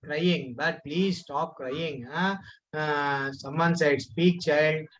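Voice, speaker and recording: A man's voice: on the high side, fairly even intonation, slow pace, a bit bright, slight background noise. A man with an Indian English accent teaching a children's scripture class online, telling a story with many fillers and restarts and calling on pupils by name. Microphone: video call. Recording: muffled online call audio.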